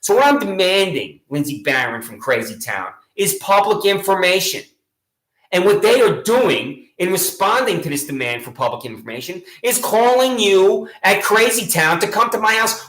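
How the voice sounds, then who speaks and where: A high-voiced man rants to camera with biting sarcasm, his tone bright and edgy. He mocks and taunts, indignant throughout. The echoey room rings around his voice. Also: very animated, normal speed. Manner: loud rising taunts at times. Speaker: local activist vlogger. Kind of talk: ranting monologue to camera.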